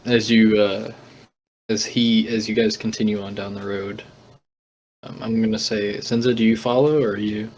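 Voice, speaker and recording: A man narrating as game master of an online tabletop game, relaxed and laughing often, with the hiccups. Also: on the low side, moderate pace, poor audio.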